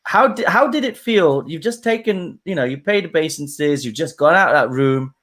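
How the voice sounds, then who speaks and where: A man's voice: a little high, lively intonation, normal speed, fairly bright tone. A man hosting an interview, enthusiastic and gushing as he asks questions. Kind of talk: casual interview.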